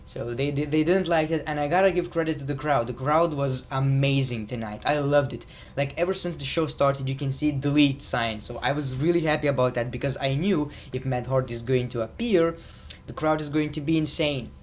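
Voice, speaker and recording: A man's voice: medium pitch, a little fast, a little hiss or hum. A man hosting a casual video review of a wrestling show, chatty and opinionated, with sarcastic asides.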